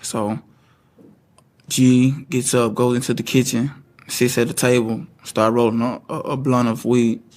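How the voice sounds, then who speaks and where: Brief: young man, witness account, stumbles and repeats words, mid pitch. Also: flat delivery, a little mellow. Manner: halting, repeats words as he speaks. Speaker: witness recounting events. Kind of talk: spoken first-person account.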